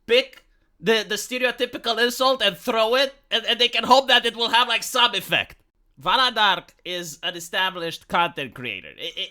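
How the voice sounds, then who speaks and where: A man's voice: extremely high pitch, pushed and bright. A man hosting a casual reaction commentary, rambling and sarcastic, swearing freely and restarting his sentences often. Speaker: YouTube commentary host.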